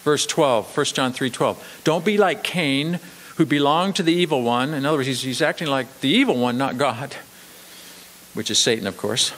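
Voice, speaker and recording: A man pastor preaching a sermon emphatically, swinging between raised, quick delivery and slow, low emphasis. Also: a bit bright, in a large hall. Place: church sanctuary.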